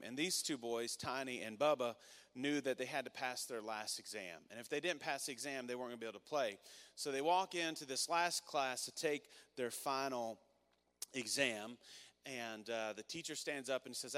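Man, pastor, sermon, energetic, bright edgy voice, long church-hall reverb. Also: mid-range voice, normal speed. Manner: energetic, calls for congregation responses.

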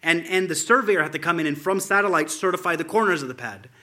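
A man with a forceful, bright tone gives an informal spoken tribute to friends. He tells loose, wandering stories over a slideshow and chuckles often as he goes. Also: on the high side, quick pace. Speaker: church friend presenting a photo slideshow.

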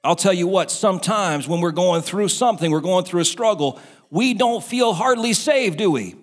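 High-voiced man preaching a sermon. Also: expressive, moderate pace. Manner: preaching with acted voices of the doubter and the devil. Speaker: pastor.

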